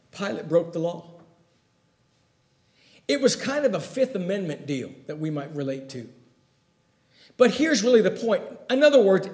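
A man with a notably high-pitched voice delivers a sermon, reading scripture and then unpacking it verse by verse. His delivery swings between loud, emphatic declarations and low, hushed asides. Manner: dynamic preaching with sharp swings in loudness and pitch. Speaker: pastor.

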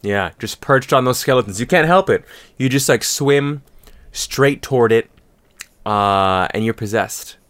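A young man riffing crudely on a casual podcast, laughing often. His pitch swings widely as he jokes. He keeps the banter loose and profane. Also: lively intonation, a little slow, a bit bright. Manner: crude, joking, laughs a lot. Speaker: podcast co-host.

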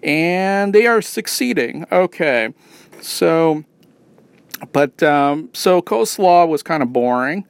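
A man's voice: a little high, expressive, slow, gravelly, clean tone, no echo. A man ranting casually in a rambling, profane and sarcastic way. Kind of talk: casual rant.

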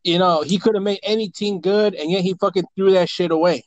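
A man's voice: sits high, fairly even intonation, brisk, no room sound, dull audio. A young man on a casual fantasy football podcast, emphatic and opinionated. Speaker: podcast co-host.

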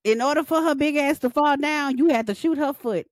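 A young woman co-hosting a podcast, ranting loudly and joking with lots of profanity. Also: sits high, fairly quick, no echo. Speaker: podcast co-host. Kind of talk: casual chat.

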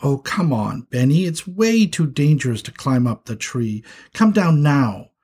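A man's voice: mid-range voice, very animated, a little slow, darkish tone, slightly rough. A man voicing a young male skunk, a patient big brother who turns frantic when his little brother strays, in a storybook reading. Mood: coaxing.

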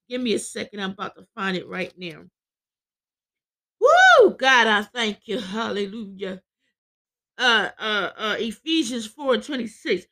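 A woman preaching with fervor, quoting scripture and shouting as she exhorts her listeners. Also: mid-range voice, creaky. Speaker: podcast preacher.

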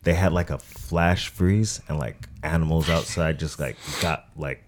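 A man's voice: very deep voice, unhurried. A man chatting casually, rambling with lots of fillers and swearing. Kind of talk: casual chat.

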